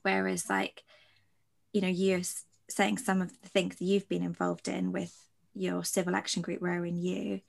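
Woman host, low gravelly voice, reflective rambling interviewer. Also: flat delivery, moderate pace. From London. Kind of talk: conversational interview.

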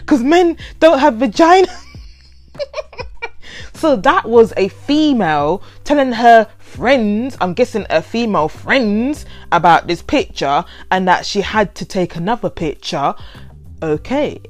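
A woman, casually reading out and reacting to overheard quotes, animated and given to laughing and playful drama. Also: mid-range voice, takes it slowly, soft background music. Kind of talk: casual chatty commentary.

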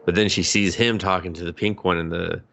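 A man co-hosting a podcast, recapping anime in casual chat, animated and swearing freely as he acts out scenes. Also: deep voice, a little fast, creaky, slight background noise. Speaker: podcast co-host.

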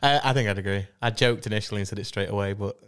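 A man's voice: fairly low pitch, very fast, fairly bright tone, clear, resonant tone. A man co-hosting a podcast, teasing and joking in casual chat, swearing freely and laughing often. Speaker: podcast co-host.

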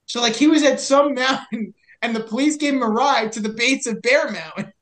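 Young male podcast guest, animated storyteller, roomy echo. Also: very high voice, a little fast. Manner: animated, acts out both sides of dialogue. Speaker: podcast guest, search and rescue hiker. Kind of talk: casual storytelling.

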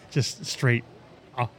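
A man's voice: mid-range voice, animated, drawn-out words, a little hiss or hum. A middle-aged man on a podcast, chatting casually and poking fun at himself. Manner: self-mocking. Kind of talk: casual chat.

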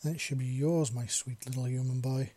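A man reading aloud puts on a big scaly clawed creature with a deep, husky purr that sits low and soft. The voice is mellow and a little breathy. The room sounds dry and close. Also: steady tone, fairly quick, no room sound, lightly acted. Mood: purring, teasing. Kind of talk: storybook reading.

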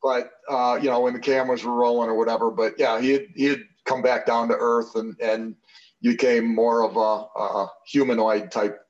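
Man, 60s, podcast guest, rambling storyteller, lots of fillers, mid pitch, slightly muffled audio. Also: flat delivery, moderate pace. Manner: rambling, anecdotal, many fillers and restarts. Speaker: podcast guest, former football player. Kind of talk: casual storytelling interview.

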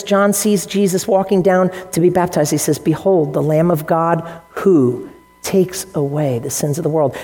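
A woman's voice: medium pitch, warm tone. A woman pastor preaching a sermon to her congregation, teaching earnestly with varied emphasis. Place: church sanctuary. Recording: long reverb in a large hall.

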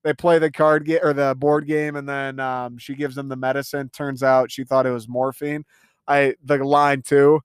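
A young man talks through a movie in a loose, rambling monologue, swearing freely and laughing as he retells scenes. His voice sits a little high and comes across smooth and clear. The sound is dry and close, with no room echo. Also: level tone, unhurried. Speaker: youtuber reviewing a movie. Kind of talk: casual movie review monologue.

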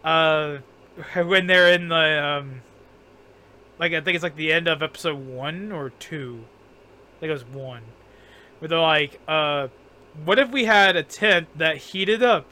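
A man chatting on a casual podcast, his voice on the higher side and bright. He rambles, restarts his sentences and laughs often. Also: a little slow. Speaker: podcast co-host.

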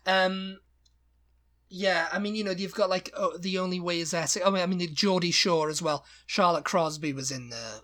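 A man's voice: high voice, brisk, few pauses, pushed and bright. A man from England co-hosting a podcast in casual chat, explaining slang and dropping into playful voices. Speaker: podcast co-host.

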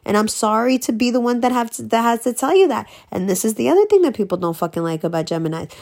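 A woman's voice: a little high, lively intonation, vocal fry, darkish tone. Blunt, profane woman ranting. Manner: blunt, profane, emphatic, swings between slow stresses and fast bursts. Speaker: vlogger. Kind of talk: casual ranting monologue.

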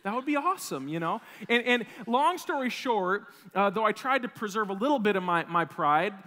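A man in his thirties from Wisconsin, preaching a sermon as a pastor, telling a personal story in an animated, self-deprecating way with frequent restarts. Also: high-pitched, normal speed. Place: church sanctuary. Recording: long reverb of a church hall.

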